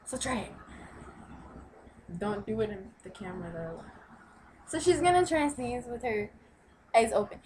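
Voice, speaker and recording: A young woman with a fairly high voice chats casually and giggles often, dropping swear words as she goes. Faint noise sits under the recording. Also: very animated, moderate pace, pauses often, a little mellow, poor audio. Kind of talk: casual vlog chat.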